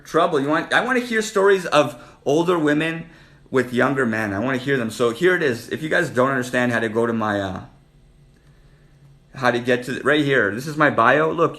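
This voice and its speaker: A man's voice: fairly high pitch, fairly bright tone. A man hosting a casual live stream, flirting playfully and calling out viewers by name. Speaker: livestream host reading viewer comments.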